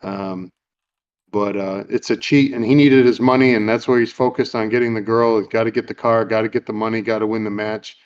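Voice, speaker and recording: A man's voice: fairly low pitch, steady tone, a little fast, clean tone. A man hosting a podcast, retelling a film scene in casual chat, rambling with plenty of fillers. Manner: rambling, with many fillers and acted-out quotes. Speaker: podcast host. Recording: dull lo-fi recording.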